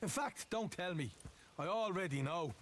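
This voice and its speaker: A man's voice: high voice, lively intonation. An actor playing a brash young male outlaw in a video game, cocky and needling. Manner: taunting, quick-tongued, swaggering.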